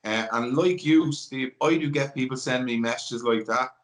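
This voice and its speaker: A man at a mid pitch hosts a podcast. He chats casually, praising his guest with enthusiastic exclamations. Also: normal speed. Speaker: podcast host. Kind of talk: casual interview chat.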